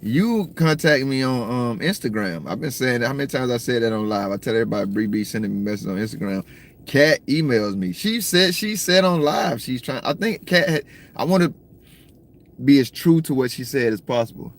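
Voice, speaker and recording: A man from the States, rambling through a casual livestream chat, slangy and cursing freely while he shouts out viewers. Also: medium pitch, animated, fairly quick. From Southern United States. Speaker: livestream host. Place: in a car at times.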